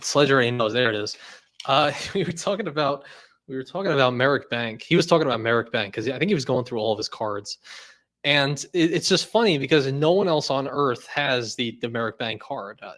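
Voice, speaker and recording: A man's voice: medium pitch, animated, a little fast, fairly bright tone. A young man hosting a casual livestream, who rambles, laughs often and leans on "like" fillers. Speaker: host.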